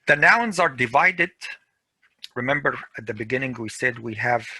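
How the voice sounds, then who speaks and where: A man teaching a weekend school class, drilling word pronunciation slowly and repeating each word to his students. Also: medium pitch, lively intonation, pushed and bright, slightly rough, no room sound, rough recording. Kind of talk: classroom grammar lesson.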